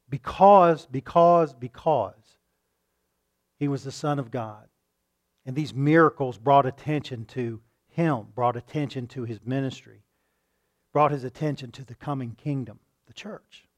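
A man preaching a sermon, asking his listeners questions and acting out loud pleas now and then. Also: mid-range voice. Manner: shifts between calm teaching and loud acted-out pleading; rhetorical questions to the congregation.

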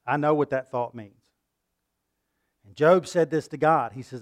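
Earnest preaching man, higher voice. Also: a little slow. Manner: earnest, rising to impassioned outbursts when quoting; repeats and restarts words. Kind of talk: sermon.

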